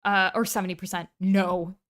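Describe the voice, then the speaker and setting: A woman streamer co-hosting a podcast in casual chat, animated and rambling, swearing freely. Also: lowish voice, moderate pace.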